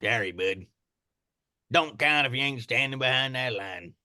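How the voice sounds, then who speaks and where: A man voicing a surly male carnival booth attendant in an amateur script read, gruff and dismissive. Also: mid-range voice, lively intonation, measured pace, sharp tone, no room sound, clean studio sound.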